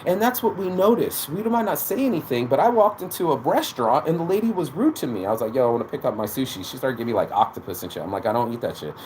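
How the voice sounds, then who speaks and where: A man's voice: mid-range voice, sing-song, fast, few pauses, a little mellow, a little hiss or hum. A man hosting his own show, talking in a rambling, profane motivational monologue full of restarts and quoted asides. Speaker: podcast host.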